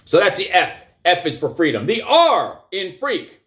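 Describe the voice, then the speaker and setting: A middle-aged male coach and show host delivers a profane motivational rant with raw energy, swearing constantly and hammering points home through repetition. His fairly bright voice sits high and swoops wildly up and down, though his pace stays measured. The blunt, emphatic talk is meant to pump listeners up.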